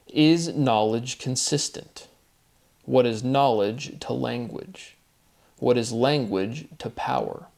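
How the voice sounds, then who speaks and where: A man giving a solo monologue of word derivations, methodical and repetitive, his voice dropping quietly at the end of each set phrase. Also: medium pitch, creaky. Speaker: host. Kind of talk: solo recorded commentary.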